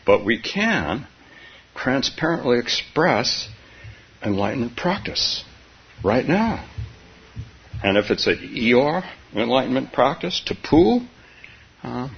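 A man giving a relaxed dharma talk, his low voice gravelly and swinging widely in pitch. He speaks softly and haltingly, breaking into small laughs between phrases. The recording is dull and faintly hissy. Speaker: meditation teacher.

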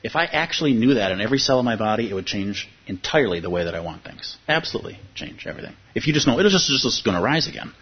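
A man's voice: on the low side, expressive, very fast, hardly any pauses, husky, highs cut off. A man teaching meditation in a conversational dharma talk to a room of listeners, repeating key phrases and asking rhetorical questions. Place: room with a live audience.

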